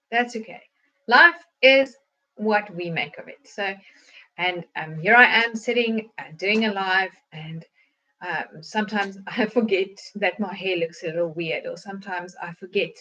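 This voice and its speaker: A woman's voice: medium pitch, fairly bright tone, highs cut off. A woman, a wellness consultant, gives a hesitant motivational talk on a livestream from home, full of filler ums and questions to viewers.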